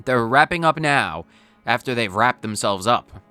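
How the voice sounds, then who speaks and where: A man talks over his game run in a playful, joking way, stopping to explain his own gags. His pitch swings widely as he reacts. Faint game music plays underneath. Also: expressive, a little slow, bright, forceful tone, dry recording. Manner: playful, jokey, self-explaining. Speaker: gaming channel host. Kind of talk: let's play commentary.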